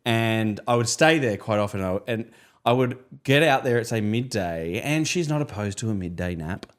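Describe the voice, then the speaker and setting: Animated man telling a story. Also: normal speed, clean tone. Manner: animated storyteller, jumps into high voices when quoting. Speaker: podcast co-host. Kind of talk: casual storytelling chat.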